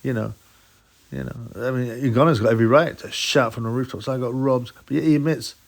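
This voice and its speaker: A man hosting his boxing channel, musing out loud in a rambling, casual way with many restarts. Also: mid-range voice, a little fast, vocal fry. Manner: rambling, restarts, mock voices for quotes. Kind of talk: casual solo commentary.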